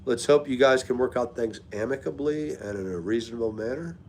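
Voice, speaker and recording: A man's voice: mid-range voice, fairly quick, a little mellow, a little hiss or hum. A man hosting a live stream, chatting casually and greeting viewers by name as he talks. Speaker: livestream host.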